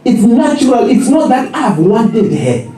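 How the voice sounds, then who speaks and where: A man preaching a lively sermon at a men's conference, joking, laughing often and acting out quotes. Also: very high voice, unhurried. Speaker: pastor. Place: large church hall. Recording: echoey hall recording from far off, with audience.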